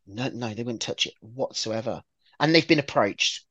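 Lively, stammering male podcast guest. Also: medium pitch, normal speed, dry recording. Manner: lively storyteller, stammers and restarts. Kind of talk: casual podcast chat.

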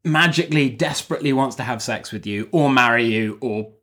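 A man's voice: medium pitch, brisk, fairly bright tone. A man co-hosting a podcast in casual chat, rambling and joking, restarting his sentences as he thinks aloud. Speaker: podcast co-host.

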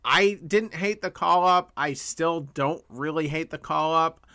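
Bright-voiced male podcast host. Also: on the high side, unhurried. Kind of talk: casual sports talk.

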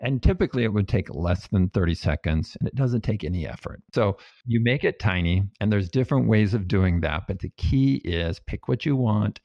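Low gravelly man, calm explainer. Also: moderate pace, few pauses, no echo. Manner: calm, patient, explains with everyday examples. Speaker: guest, habits researcher. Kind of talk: explaining methods in an interview. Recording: dull, dry, lo-fi sound.

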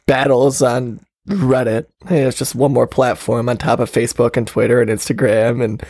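This podcast co-host is a man with a mid-range, slightly mellow voice, fairly even in intonation and speaking at normal speed. He chats casually, sarcastic and swearing freely, in clean studio-quality audio with no room sound.

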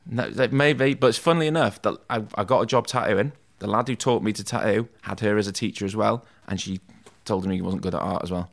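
Speaking fast with hardly a pause, the tattoo artist's lowish, creaky voice carries his school stories through a casual podcast chat. Self-deprecating and talkative, he keeps saying "like" and "mate."

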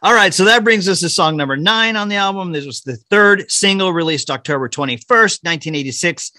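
A man co-hosting a casual music podcast, telling an anecdote with lively acted-out quotes. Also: high-pitched, brisk, dry recording, clean studio sound. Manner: animated storyteller, acts out quotes. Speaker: podcast host. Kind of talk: casual storytelling chat.

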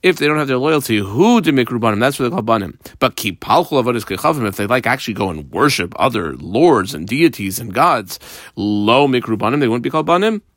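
A man at an ordinary middle pitch teaches a Talmud lesson line by line. He translates each phrase and explains it, stopping often on ums and uhs. The recording is dry and close with no room sound. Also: very animated, quick pace, a bit bright, no room sound.

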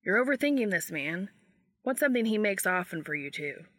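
A woman's voice: mid-range voice, sing-song, a little fast, a bit bright, no echo, studio quality. A woman voicing a laid-back younger brother who teases and sounds exasperated, in a fan audiobook reading. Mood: teasing. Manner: teasing, exasperated.

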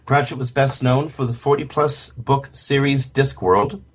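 A man co-hosts a web radio show with a slightly husky voice. He talks casually and chattily, filling gaps with ums and restarting his sentences. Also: medium pitch, steady tone, measured pace. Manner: chatty with many fillers and restarts. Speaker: podcast co-host.

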